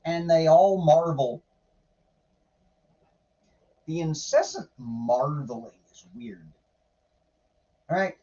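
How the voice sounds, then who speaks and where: A man's voice: a little high, expressive, slow, long pauses, mellow, dull audio. A man giving irreverent, sarcastic casual commentary while reading scripture aloud, swearing now and then. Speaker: podcaster reading and commenting on the Bible.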